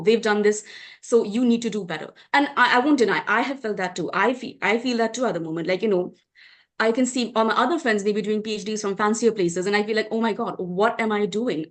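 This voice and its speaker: Young woman, fervent book-club speaker, fairly high voice, stumbles and restarts. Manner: emotional, fervent, many restarts. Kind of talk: impassioned discussion.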